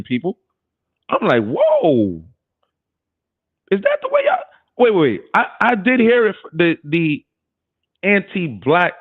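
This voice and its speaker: Streamer commentator, male, fairly high voice, ranting and animated, tinny phone-quality audio. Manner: animated, ranting, rhetorical questions to viewers.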